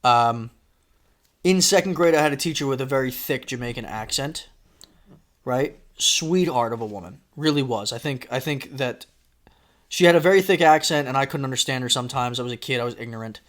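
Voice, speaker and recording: A man co-hosting a podcast, telling a story in casual chat, animated and swearing, acting out quotes loudly. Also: medium pitch, a little fast. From Florida, United States. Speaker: podcast co-host.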